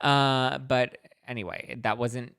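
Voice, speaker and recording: A man's voice: medium pitch, steady tone, slow, gravelly, fairly bright tone, clean tone, dry recording, clean studio sound. A man hosting a gossipy book recap, talking in a catty, sarcastic, chatty way. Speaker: host.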